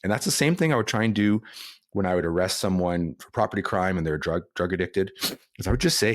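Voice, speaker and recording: A man's voice: low voice, expressive, fast, no echo, studio quality. A man, a police officer and author, speaking earnestly as a podcast guest, rising when he quotes what he told people. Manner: earnest, speeds up and rises when quoting himself. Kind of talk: podcast interview.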